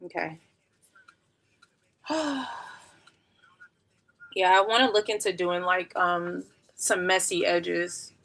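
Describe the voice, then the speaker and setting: A woman in her thirties talks through a wig install on a live stream from home. Her voice is bright and forward, and she rambles casually with plenty of slang and easy laughter. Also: on the low side, fairly even intonation, takes it slowly, long pauses. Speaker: beauty livestreamer.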